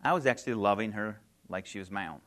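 A man's voice: on the low side, quick pace, fairly bright tone. Earnest middle-aged man giving testimony. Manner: earnest, heartfelt storytelling, emotional; plain conversational phrasing with fillers. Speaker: guest speaker. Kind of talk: personal testimony speech.

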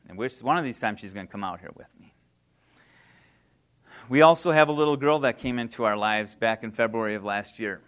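A man's voice: lowish voice, fairly quick, long pauses, a bit bright. A man in his fifties giving a personal testimony to an audience, earnest and heartfelt, telling his story in plain conversational speech. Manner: plain conversational phrasing with fillers. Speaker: guest speaker.

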